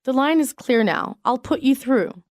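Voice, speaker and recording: A woman reading business English sentences aloud in a measured, clearly enunciated way. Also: sits high, expressive, no echo, clean studio sound. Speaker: English phrase reader. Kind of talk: slow read-aloud example sentences.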